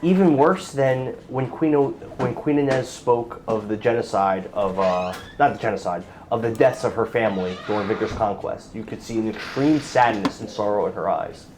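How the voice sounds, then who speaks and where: A man's voice: on the low side, moderate pace, few pauses, noisy background. A man narrating as game master of a tabletop role-play game, describing scenes in a rambling, descriptive way.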